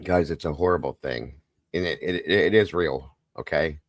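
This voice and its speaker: A man hosting a live stream, talking softly and consolingly to viewers in the chat. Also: a bass voice, moderate pace, dry recording, studio quality. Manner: soft, consoling, emotional. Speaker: livestream host.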